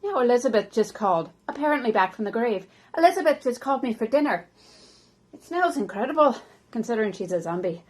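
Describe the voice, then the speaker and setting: A woman acting as a dead older man who narrates his life story in a first-person historical monologue, often dropping soft and slow. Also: fairly high pitch. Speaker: volunteer actor.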